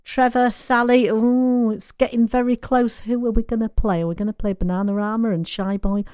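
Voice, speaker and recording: A woman presenting a chatty radio show, bubbly, with her voice rising as she gets excited. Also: on the high side, normal speed, clean tone, dry recording, clean studio sound. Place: radio studio. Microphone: studio microphone.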